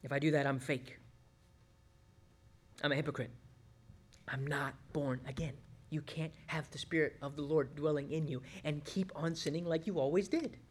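Pastor, man, high voice, earnest sermon delivery with urgent appeals and soft drops. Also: fairly even intonation, moderate pace, long pauses, slight background noise. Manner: earnest, swings from loud urgent appeals to hushed tones.

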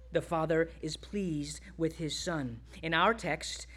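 A male pastor preaching a sermon, exhorting the congregation and dropping to quiet, tender asides. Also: fairly high pitch, slow.

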